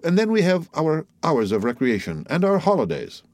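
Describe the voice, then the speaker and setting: Guy reading as a nervous, eager little telegraph keeper, higher voice, earnest and polite. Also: sing-song, moderate pace, a little mellow, no echo, studio quality. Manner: eager, anxious, respectful. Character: humble middle-aged male telegraph keeper, earnest and timid. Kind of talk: audiobook character voicing.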